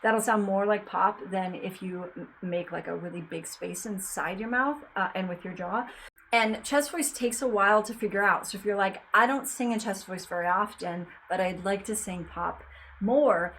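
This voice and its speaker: A woman's voice: mid-range voice, moderate pace, a bit bright, slight background noise, poor audio. A woman teaching a casual singing lesson, chatty, breaking off to demonstrate sung notes.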